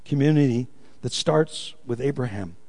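A man's voice: medium pitch, moderate pace, a little mellow, big-room sound. A man preaching a sermon, telling stories and asking his congregation questions, drawing them into call-and-response. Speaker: pastor.

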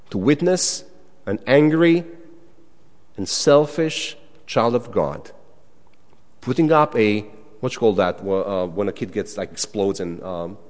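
Animated preacher man in a reverberant hall. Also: medium pitch. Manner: animated, acts out quoted prayers in a raised voice. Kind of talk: sermon.

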